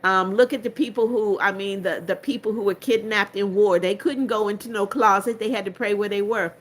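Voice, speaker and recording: A woman's voice: medium pitch, steady tone, brisk. An older woman with a stuffed-up, congested voice reads out viewer comments on her livestream. She answers each one in turn, chatty and blunt. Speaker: livestream host. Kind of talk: reading viewer comments aloud.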